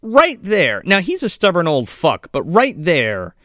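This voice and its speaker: A man's voice: on the high side, huge pitch swings, pushed and bright, no echo, studio quality. A man co-hosting a casual podcast, swearing freely, laughing often and acting out characters as he recaps a film. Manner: profane, laughing, acts out characters in quick voices. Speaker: podcast co-host. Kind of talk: casual chat retelling a film.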